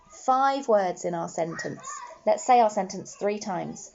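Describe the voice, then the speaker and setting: A woman's voice: fairly low pitch, animated, a little slow, creaky, darkish tone, dull audio. A woman teaching a phonics lesson to young children, patient and encouraging, sounding out each letter. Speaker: primary school teacher.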